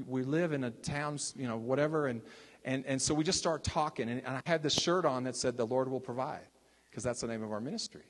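An older man from Texas telling his testimony as a ministry leader, in a chatty, animated storytelling manner with frequent restarts and asides. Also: medium pitch, husky, long reverb tail.

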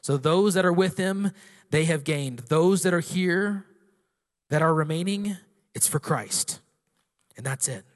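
Brief: male pastor, fairly high-pitched voice, passionate sermon delivery, long church reverb. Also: unhurried, long pauses. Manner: passionate preaching building to loud declarations. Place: church sanctuary.

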